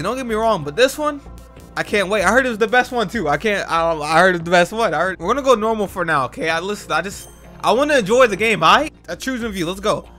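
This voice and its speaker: A man hosting a gaming channel, giving excited let's-play commentary full of slangy banter and loud outbursts. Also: high-pitched. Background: game music.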